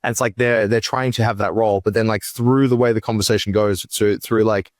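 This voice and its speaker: A man co-hosting a sales podcast, talking quickly and circling his point with restarts and fillers. His voice is medium in pitch, and the recording is close and dry. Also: steady tone, dry recording. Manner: rambling, restarts, heavy "like" and "it's like". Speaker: podcast co-host. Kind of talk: casual podcast chat.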